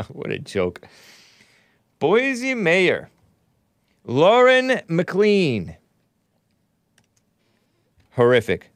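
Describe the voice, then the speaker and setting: A male talk radio host speaking into a close studio mic, his voice dry with no room sound around it. He reads out posts and answers them with scorn and sarcastic jabs. He drifts through rambling asides at a middling pitch. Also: huge pitch swings, extremely slow, pauses often, no room sound. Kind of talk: opinionated call-in radio talk.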